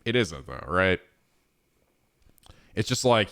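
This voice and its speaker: A man streaming games, chatting casually in a rambling, profane and animated way. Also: fairly low pitch, moderate pace, clear, resonant tone, no room sound, studio quality. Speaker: game streamer. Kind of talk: casual chat.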